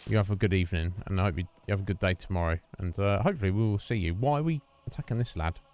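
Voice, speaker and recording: Talking at a racing pace, a man with a low-pitched, darkish voice streams a video game. His commentary is casual as he plays, thinks aloud and says hello to viewers.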